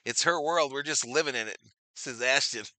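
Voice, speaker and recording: A man's voice: medium pitch, normal speed, pushed and bright, no echo. A middle-aged man hosting a live watch-party stream, chatting casually, reading viewer comments aloud and calling plays as they happen. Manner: chatty, reads viewer comments, repeats phrases, addresses chat as y'all.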